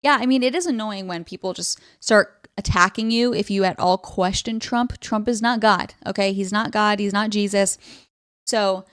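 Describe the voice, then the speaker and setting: A woman's voice: medium pitch, moderate pace, a bit bright, clean tone, no room sound, studio quality. A woman hosting casual political commentary, blunt and sarcastic, chatting about posts she reads out. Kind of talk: casual commentary reading tweets.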